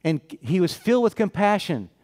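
A man's voice: high voice, very animated, normal speed, a little mellow. A man preaching a sermon, telling a Bible story, acting out the characters' lines and putting questions to his listeners.

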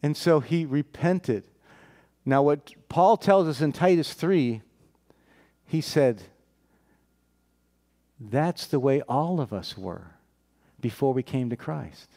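A man's voice: mid-range voice, lively intonation, takes it slowly, pauses often, dark tone. A man preaching a sermon, telling a Bible story, acting out the characters' lines and putting questions to his listeners.

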